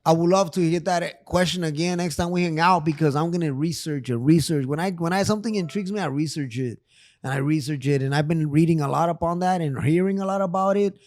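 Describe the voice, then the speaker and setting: A man's voice: fairly high pitch, fast talker, hardly any pauses, darkish tone, dry recording. Emphatic, profane middle-aged man. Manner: emphatic, profane, street slang; repeats himself, many restarts. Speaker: therapist guest. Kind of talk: casual podcast conversation.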